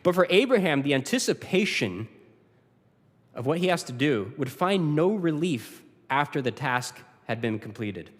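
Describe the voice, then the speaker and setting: A man preaching in a church, his voice rising and falling with wide, lively swings of pitch. It sits a little above the usual male register, with phrase endings that sink low and quiet. A long church reverb trails behind every line. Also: moderate pace. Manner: expressive preaching, dropping low and soft at phrase ends. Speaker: pastor. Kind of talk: sermon. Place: church sanctuary.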